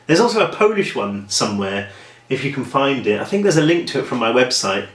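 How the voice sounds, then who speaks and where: A man's voice: mid-range voice, sing-song, a little fast, a little hiss or hum. Chatty British man in an echoey room. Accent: British English. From England. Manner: chatty, self-deprecating, rambling. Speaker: author vlogging. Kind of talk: casual vlog chat and storytelling.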